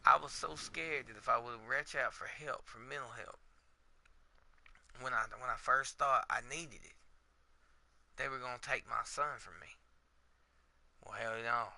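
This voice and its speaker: A man's voice: mid-range voice, a little slow, creaky, long pauses, bright, forceful tone. A man, a podcast host giving a candid, emotional monologue in a blunt and profane way.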